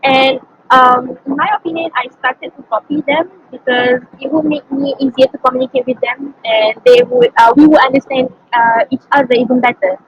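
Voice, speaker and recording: A woman's voice: high-pitched, steady tone, normal speed, lo-fi sound, slight background noise. A young woman with a Malaysian English accent, a native Malay speaker, earnestly answering interview questions and thinking aloud with many ums. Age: young adult.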